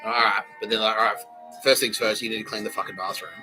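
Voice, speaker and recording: A man's voice: fairly low pitch, level tone, fast talker, music in the background. A man hosting a comedy podcast, rambling through a story, swearing freely and acting out the voices he quotes. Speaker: podcast host.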